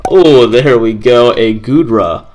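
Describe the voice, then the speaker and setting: A man hosting a casual video, chatting excitedly to viewers as he opens packs of cards. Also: mid-range voice, slow pace. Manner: excited, upbeat, addresses viewers. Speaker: card-opening video host.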